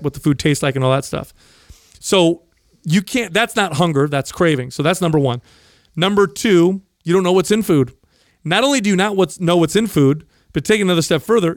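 Blunt, emphatic man with a higher voice. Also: no echo, clean studio sound. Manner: blunt, emphatic, swears freely. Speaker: podcast co-host. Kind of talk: casual chat.

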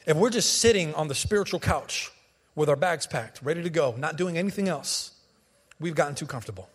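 A fairly high-pitched male pastor from the United States preaches with lively, conversational energy. He mixes self-deprecating humor with punchy repeated lines. His voice rings out with a long church reverb. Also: a little fast, slightly rough. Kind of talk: sermon. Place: church sanctuary.

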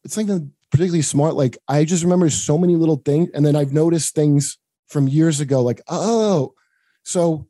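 Profane rambling American man, dark dry voice. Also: on the high side, a little fast, dry recording. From United States. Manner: profane, rambling, joking, frequent restarts. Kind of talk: casual podcast chat.

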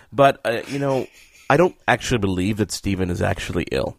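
A man's voice: fairly low pitch, a little fast, no echo, clean studio sound. A man filling in as host of a casual podcast, joking about himself and laughing often. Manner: playful, self-mocking, laughs often.

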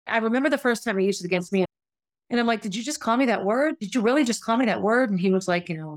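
A woman's voice: mid-range voice, no echo. Candid middle-aged woman telling her story. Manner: candid and conversational, acts out quoted voices. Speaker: podcast host telling her own story. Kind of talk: personal storytelling monologue.

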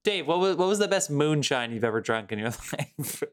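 A man co-hosting a casual movie podcast, animated and profane, acting out lines as he talks. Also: fairly high pitch, brisk. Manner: animated, swears freely, acts out quotes. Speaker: podcast co-host. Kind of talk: casual movie review chat.

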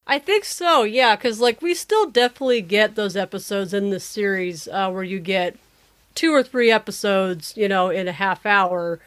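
A woman co-hosting a casual chat, relaxed and easygoing, often trailing off softly. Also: medium pitch, moderate pace. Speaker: podcast co-host.

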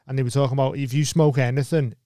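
A man's voice: medium pitch, fairly even intonation, rapid-fire, mellow, dry recording, studio quality. A man co-hosting a podcast, rambling through stories with lots of likes and restarts. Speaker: podcast co-host. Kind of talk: casual chat.

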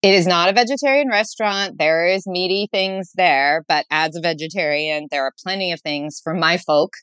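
A woman's voice: fairly low pitch, normal speed, a bit bright, smooth, no echo. Woman, guest author, casual interview, playful and upbeat, dry close studio sound. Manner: enthusiastic, laughs often, playful asides. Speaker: guest author recommending date spots.

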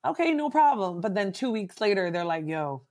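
Woman, psychologist guest on an interview podcast; loose, animated delivery, mimics clients, filler-heavy. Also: medium pitch, a little fast. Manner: animated, acts out client quotes; frequent "like" and "right?" fillers.

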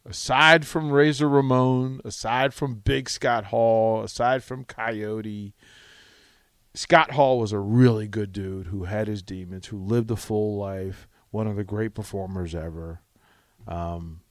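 Radio host guy spinning a rambling story, kinda gravelly, dead dry mic. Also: fairly low pitch, takes it slowly, dry recording. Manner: rambling, animated anecdote with restarts. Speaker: radio talk show host. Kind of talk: storytelling on a sports radio show.

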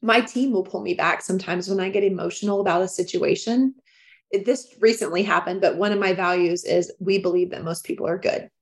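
A woman speaking as a guest on a business podcast, talking in an emphatic, expressive way with frequent restarts and laughs. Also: on the low side, a little fast. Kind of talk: casual interview chat.

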